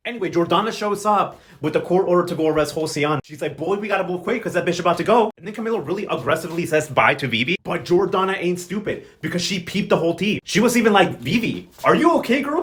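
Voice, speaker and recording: A fast, animated man recapping a story as a host. His pitch sits a little high and he talks with sass and exaggerated quoted voices. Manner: sassy, animated, quick quoting with exaggerated voices. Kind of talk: casual commentary.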